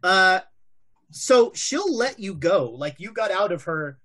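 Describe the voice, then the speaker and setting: Slow, hesitant woman game master. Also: mid-range voice, very animated, fairly bright tone. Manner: hesitant, many fillers. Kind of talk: narrating a tabletop game.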